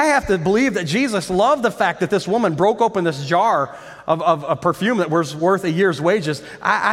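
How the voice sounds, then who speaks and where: A man with a high voice preaches a sermon, pressing his points through repetition and rhetorical questions. His voice rings out with the long reverb of a large church hall. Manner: impassioned preaching with repeated phrases and rhetorical questions. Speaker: pastor.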